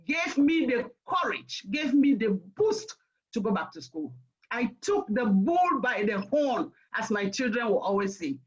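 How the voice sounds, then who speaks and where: Emphatic high-voiced woman storyteller. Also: fairly bright tone. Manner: emphatic, speaks straight to listeners. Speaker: host telling her own life story. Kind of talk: personal storytelling. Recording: muffled lo-fi recording.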